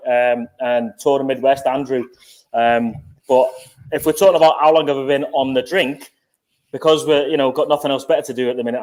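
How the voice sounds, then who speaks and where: A man calling in as a guest to a livestream chat, his voice a bit high. He is boisterous and matey, with plenty of casual swearing. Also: darkish tone.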